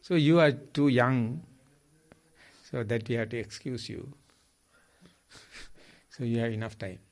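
A man, a Buddhist monk giving a dharma talk in halting English, with restarts and repeated words. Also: medium pitch. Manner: lively, halting non-native English with repeats.

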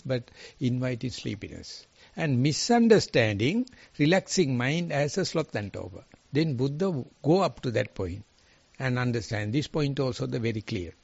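A man giving a dharma talk as a monk teacher, telling a sutta story with non-native phrasing and swinging pitch. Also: creaky, a little mellow, no echo, muffled recording.

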